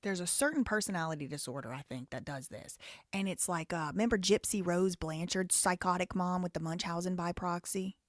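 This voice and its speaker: A woman's voice: lowish voice, fairly quick, no room sound. Brash woman host, live commentary, fiery and cussing, dead-dry room. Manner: heated, blunt and profane. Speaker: show host.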